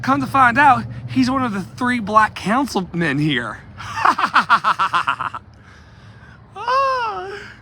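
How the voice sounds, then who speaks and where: A man's voice: very high voice, wildly swooping pitch, drawn-out words, background noise. A man vlogging outdoors while walking, talking emphatically and repeating himself, with asides to his viewers. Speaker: activist vlogger. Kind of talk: impassioned street vlog.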